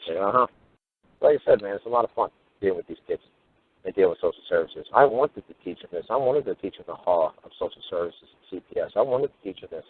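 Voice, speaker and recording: A man's voice: fairly low pitch, expressive, fast talker, no echo. A man giving a profane, heated radio monologue as a talk show host. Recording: phone-line radio audio.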